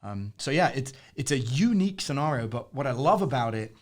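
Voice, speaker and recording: A man in a casual interview, an animated storyteller who laughs often. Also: mid-range voice, fairly quick. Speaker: interview guest.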